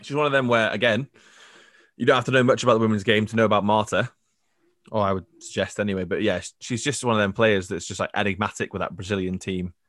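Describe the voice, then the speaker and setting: A man's voice: fairly low pitch, steady tone, fast talker, a bit bright, no echo, clean studio sound. A man co-hosting a podcast, chatting casually about football, laughing often and trailing off into fillers. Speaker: podcast co-host. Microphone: remote video call.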